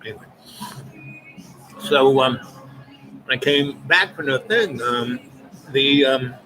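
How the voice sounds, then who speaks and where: A man telling a rambling personal anecdote, halting often and restarting his sentences. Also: mid-range voice, low-quality recording. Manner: halting, many restarts and repeated words. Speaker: storyteller. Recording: voice over clear background music.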